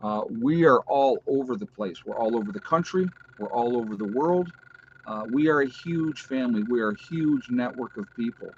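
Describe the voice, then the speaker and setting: A man's voice: medium pitch, animated, highs cut off, a little hiss or hum. Chatty man hosting a livestream. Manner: chatty, lists viewer locations, pauses with uh. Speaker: livestream host. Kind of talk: casual livestream chat reading viewer comments.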